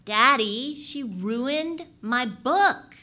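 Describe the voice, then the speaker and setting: Woman as angry crying small boy, loud and wailing, parenting role-play. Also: lowish voice, lively intonation, moderate pace. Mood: upset. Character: upset five-year-old boy, crying and angry.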